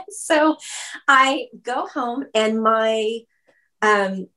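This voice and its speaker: A woman in an interview, telling a personal story in a chatty way, full of "like" and quick laughs. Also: fairly high pitch, pushed and bright. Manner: chatty, fillers of "like", laughs often. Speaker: guest.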